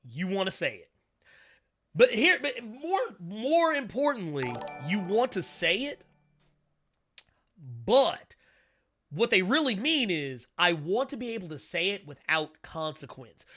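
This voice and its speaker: A man hosting a live-stream, talking in casual, animated commentary with frequent laughs and restarts. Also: sits high. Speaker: host.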